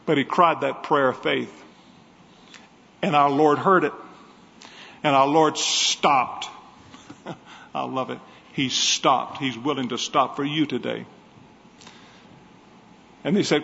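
A man's voice: mid-range voice, steady tone, slow, vocal fry, pauses often, bright, forceful tone. A man preaching a sermon, telling a story with great passion. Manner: impassioned storytelling. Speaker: evangelist preacher. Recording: dull echoey sound in a large hall.

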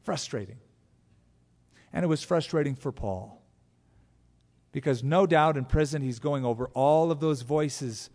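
A pastor preaching an expository sermon, animated, acting out quotes from scripture in different voices. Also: male voice, a little high, a little slow, long pauses. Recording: long hall reverb.

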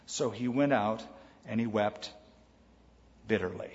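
A man preaching a sermon in a conversational way, tossing in quick quoted asides. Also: fairly low pitch, darkish tone. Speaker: pastor. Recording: dull sound with long hall reverb.

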